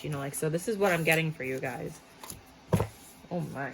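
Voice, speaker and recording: A woman's voice: lowish voice, expressive, quick pace, slight background noise, low-quality recording. A woman giving a casual tarot reading to her viewers, chatty and blunt, swearing freely and breaking into asides. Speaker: tarot reader.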